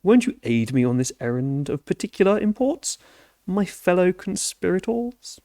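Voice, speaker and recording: A man's voice: sits high, big pitch swings, moderate pace, warm tone, no room sound, clean studio sound. A man playing a fussy, eager older male hobbit who coaxes his cousins, repeating himself when flustered. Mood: coaxing. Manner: flustered, repeats words, coaxing. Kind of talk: tabletop role-play in character.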